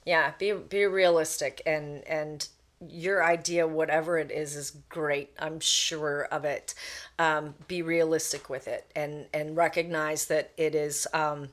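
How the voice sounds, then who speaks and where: A middle-aged woman, a business owner and podcast guest, giving measured, thoughtful advice. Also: low voice, little pitch movement. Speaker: entrepreneur guest. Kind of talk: interview advice.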